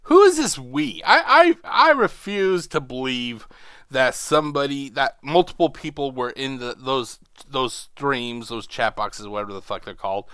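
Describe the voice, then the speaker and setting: A man's voice: mid-range voice, animated, measured pace, fairly bright tone, clear, resonant tone, no room sound, clean studio sound. A man hosting a reaction video, ranting with profanity and sarcasm. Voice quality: mocking, sarcastic.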